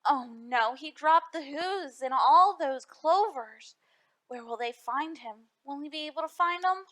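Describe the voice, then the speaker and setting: Woman librarian for storytime read-aloud, high voice, slow unhurried delivery. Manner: expressive, addresses children with questions. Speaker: children's librarian.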